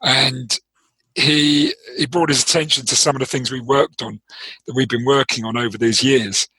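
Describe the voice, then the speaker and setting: A man with a London accent talks through his coaching approach in an interview. His voice is bright and a little husky, and it sounds dry and close. He is explanatory and circles back with repeated words as he thinks. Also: medium pitch, fairly even intonation, normal speed, no echo, rough recording. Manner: thoughtful, explanatory, with frequent restarts and repeated words. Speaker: trading performance coach, interview guest. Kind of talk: interview conversation.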